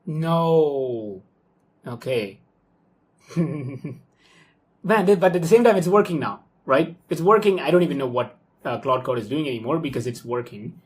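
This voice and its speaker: A young man casually talking through his coding workflow live at his computer, excitable and thinking aloud with frequent okays and ums. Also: on the high side, normal speed. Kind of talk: casual live screen-recorded walkthrough.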